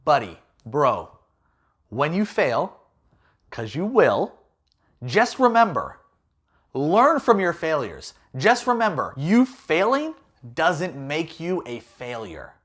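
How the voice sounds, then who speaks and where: A man voicing a calm, friendly male mentor who speaks in a gentle, encouraging and casual way. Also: a little high, slow pace, full character voice.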